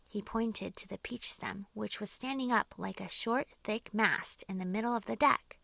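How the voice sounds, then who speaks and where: Audiobook narrator, woman, expressive storybook reading, dry close-mic sound. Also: medium pitch, moderate pace, gravelly, no room sound. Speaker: audiobook reader.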